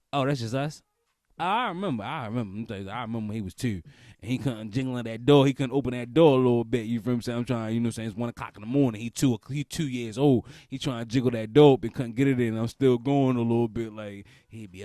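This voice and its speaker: A man, talking as a podcast host in a comedic, casual monologue, repeating phrases and breaking into loud outbursts. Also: medium pitch, fast, no echo, clean studio sound.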